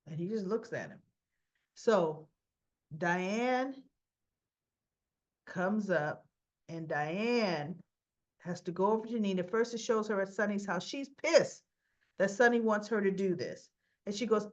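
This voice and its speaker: A woman's voice: mid-range voice, lively intonation, normal speed, muffled recording. A woman giving a casual spoken recap of a soap opera episode, retelling scenes and quoting the characters in lightly acted voices.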